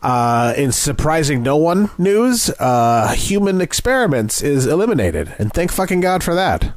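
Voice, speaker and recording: A man's voice: on the high side, sing-song, a little slow, no room sound. A man co-hosting a film podcast, giving a dry, sarcastic wrap-up in casual chat. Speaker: podcast co-host.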